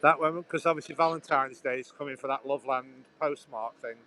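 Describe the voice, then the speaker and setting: A man's voice: medium pitch, steady tone, brisk, bright, forceful tone. A man, rambling in casual chat as he walks outdoors and livestreams from his phone beside a road. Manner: rambling, chatty, restarts sentences often. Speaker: livestream host. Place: outdoors walking by a busy road. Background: traffic and sawing noise.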